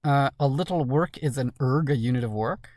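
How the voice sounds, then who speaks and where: A woman's voice: a bass voice, moderate pace, a little mellow, dry recording, clean studio sound. A woman solving a crossword while thinking aloud, muttering questions to herself. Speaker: crossword solver.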